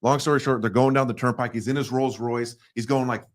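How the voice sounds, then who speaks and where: Podcast host, a man with a mid-pitched voice, easygoing storyteller. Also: fairly even intonation, brisk. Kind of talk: casual interview chat.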